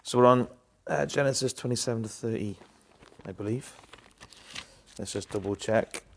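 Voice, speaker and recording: A relaxed man hosts a live-stream, chatting casually and greeting viewers by name before he reads scripture aloud. His voice sits at a middling pitch. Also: normal speed, vocal fry, slight background noise. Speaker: live-stream Bible reader.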